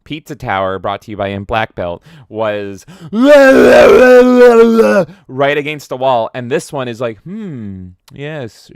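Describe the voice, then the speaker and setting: A man from Canada who hosts a game stream, chatting casually in a profane, excitable, rambling way. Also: lowish voice, no room sound, studio quality. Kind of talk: casual livestream chat.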